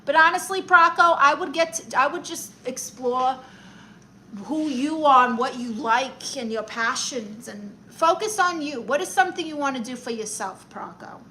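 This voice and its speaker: A woman with a New York accent chats her way through a livestream like a sassy, theatrical aunt. Her voice rides a little high and rings bright and forward. She reads out viewer comments and calls everyone honey. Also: normal speed, a little hiss or hum. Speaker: livestream host giving advice. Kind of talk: casual livestream chat reading comments.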